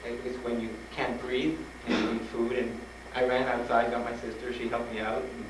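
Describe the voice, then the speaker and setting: Speaking at normal speed with a medium-pitched voice, this man addresses an audience in a school hall as a guest speaker. He animatedly retells a personal story, performs the dialogue, laughs a lot, and gives frank urging. The old tape is roomy, noisy, and recorded from a distant microphone.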